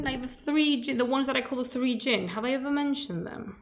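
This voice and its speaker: Before getting into her history lecture, this streamer, a native Spanish speaker, chats playfully and drifts into emphatic tangents. She speaks at a moderate pace in a high-pitched, fairly bright voice.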